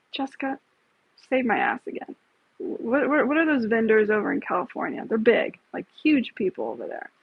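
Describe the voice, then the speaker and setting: A woman's voice: on the high side, wildly swooping pitch, moderate pace, vocal fry, slightly rough, no room sound. A woman hosting a casual live stream, talking bluntly, with frequent swearing and rambling asides. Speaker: livestream host. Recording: tinny phone-like, dry sound.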